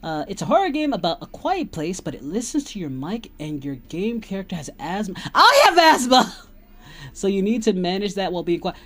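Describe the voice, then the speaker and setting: Man doing Goku: excitable, giggly, bouncing pitch, streamer chat. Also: fairly quick. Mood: excited. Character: Goku, cheerful spiky-haired male hero. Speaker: livestream host. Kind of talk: live stream chat in character.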